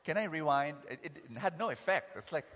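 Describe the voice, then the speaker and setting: A man preaching a sermon, animated, acting out scenes and often restarting his sentences. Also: a little high, brisk, in a large hall.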